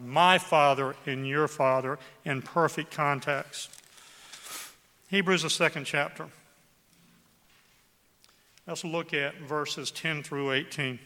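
A man preaching a sermon to a congregation in a church hall, reading scripture aloud with dramatic emphasis and slowing down on key words. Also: a little high, pushed and bright. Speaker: pastor. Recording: long hall reverb.

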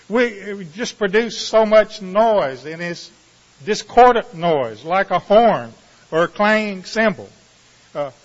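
A high-pitched man preaching in a slow, measured cadence, letting each phrase hang before the next. His voice rings with a long reverb in a large hall, and the sound is dull and muffled. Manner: slow, measured reading with dramatic pauses. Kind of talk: sermon with scripture reading.

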